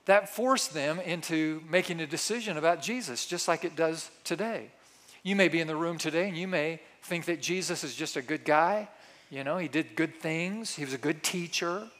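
Middle-aged male pastor, higher voice, lively sermon delivery that acts out quoted lines.

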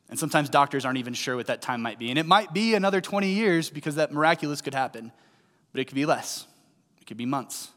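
A man's voice: medium pitch, a bit bright. A man in his thirties from St. Louis preaching a sermon, telling a personal story in a conversational way with rising emphasis on key lines. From St. Louis, USA. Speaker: pastor. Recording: hall with long reverb.

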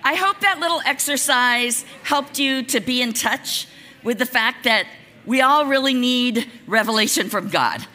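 A woman pastor preaching a sermon in a conversational, lively way, with casual asides. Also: fairly high pitch, a little slow.

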